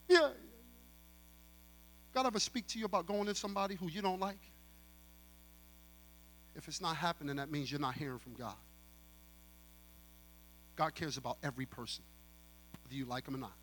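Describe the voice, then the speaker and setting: A male guest pastor preaching to a youth convention, animated, acting out dialogue and talking straight to the crowd. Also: on the high side, moderate pace, pauses often. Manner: animated, acts out dialogue, talks straight to the audience. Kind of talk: sermon.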